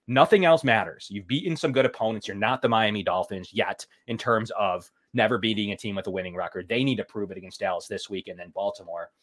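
A man with a fairly low voice co-hosts a sports podcast. He talks through his game prediction in a loose, casual way, full of ums and likes. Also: quick pace, few pauses, fairly bright tone. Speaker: podcast co-host.

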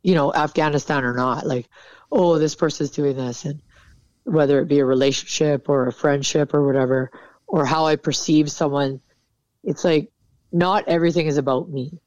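A woman's voice: low voice, steady tone, moderate pace, darkish tone, dry recording. A woman military veteran talking candidly in an interview, casual and frank, swearing freely. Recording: dull, dry sound.

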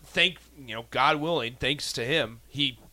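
A man's voice: medium pitch, measured pace, pushed and bright. A young man and radio show producer telling a long story in casual sports radio banter, often restarting his sentences. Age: young adult.

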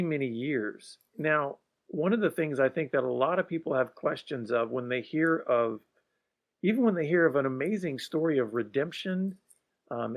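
A man hosting an interview, asking long, thoughtful questions with frequent hesitations and restarts. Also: medium pitch. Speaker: interviewer host.

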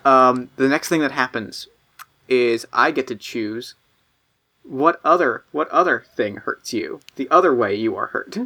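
A man's voice: medium pitch, a little slow, bright, forceful tone. A man running a tabletop role-playing game, narrating scenes casually with lots of fillers and restarts. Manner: casual, filler-heavy, playful. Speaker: game master.

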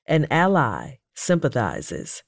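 A narrator reading their own first-person memoir aloud in a measured, earnest voice. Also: medium pitch, wildly swooping pitch, vocal fry, dry recording, studio quality.

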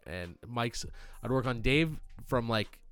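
A man's voice: mid-range voice, animated, slow, a bit bright, smooth, no echo. A young man co-hosting a podcast, rowdy and profane, saying dude constantly in casual banter. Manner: rowdy, swears a lot, says dude constantly. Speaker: podcast co-host.

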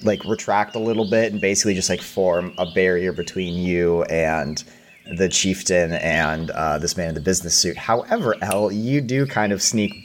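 A man's voice: low-pitched, normal speed, slight background noise. A man narrating as game master, hesitant and full of fillers.

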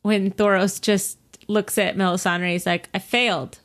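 A woman's voice: mid-range voice, flat delivery, measured pace. A woman co-hosting a casual podcast, adding brief, matter-of-fact corrections and comments. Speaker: podcast co-host. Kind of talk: casual chat.

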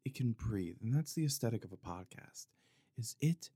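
A man hosting a podcast in a loose, joking monologue that drifts from one tangent to the next. His mid-range voice swings widely up and down, with sudden loud bursts. The sound is close and dry, with no room behind it. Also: lowish voice, animated, normal speed, slightly rough, no room sound. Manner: playful, goes off on tangents, sudden loud outbursts. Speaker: podcast host. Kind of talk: rambling comedic monologue.

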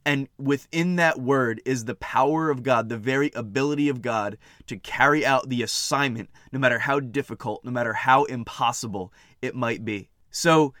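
A man's voice: mid-range voice, normal speed, few pauses, pushed and bright, no room sound, clean studio sound. A man preaching a sermon in an earnest way, repeating phrases to build emphasis.

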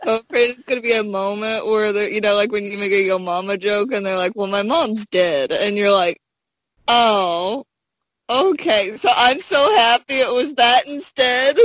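A woman from Arkansas in casual podcast chat, joking and animated, with many fillers. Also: mid-range voice, a little fast, few pauses, no room sound.

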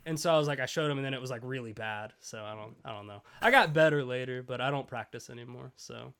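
A man's voice: mid-range voice, big pitch swings, fast talker, hardly any pauses, smooth. A young man co-hosting a casual podcast chat, telling a rambling story full of fillers and laughs. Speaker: podcast co-host.

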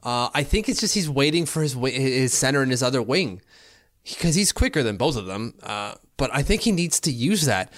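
A man's voice: medium pitch, lively intonation, normal speed, dry recording. A man co-hosting a casual hockey podcast, talking through his opinions with frequent restarts and fillers. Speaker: podcast co-host. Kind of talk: casual sports talk.

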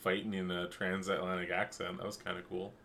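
A low-voiced man with a bright, forceful edge co-hosts a casual podcast, crude and jokey. He bursts into loud, silly voices. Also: level tone, fairly quick, slight background noise. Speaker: podcast co-host. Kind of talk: casual chat.

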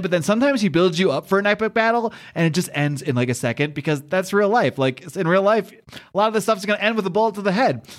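Excited, rambling comic book podcast guy. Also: on the high side. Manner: enthusiastic, rambling, laughs often. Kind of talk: casual chat.

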